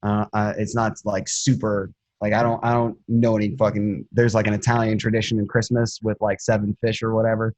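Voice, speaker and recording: A man hosting a casual podcast chat, speaking haltingly as he searches for the right words. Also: lowish voice, flat delivery, a little mellow, no echo.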